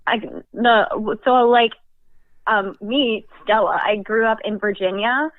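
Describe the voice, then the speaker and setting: A woman's voice: medium pitch, takes it slowly, no room sound. A woman calling in anonymously to a chat show, talking nervously with lots of laughs and filler words. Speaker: anonymous caller. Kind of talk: confessional phone-in chat. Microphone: telephone. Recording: tinny phone line.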